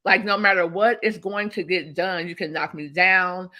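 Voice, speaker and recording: Woman being interviewed, bright punchy voice, really emphatic, acts out stories. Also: fairly low pitch, normal speed. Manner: emphatic, storytelling, acts out quoted exchanges. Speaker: interview guest, business coach. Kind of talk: animated interview conversation.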